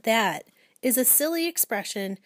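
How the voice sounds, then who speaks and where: A woman's voice: on the high side, expressive, unhurried, no room sound, clean studio sound. A woman voicing a blunt, indignant husband. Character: older husband, a gruff retired man.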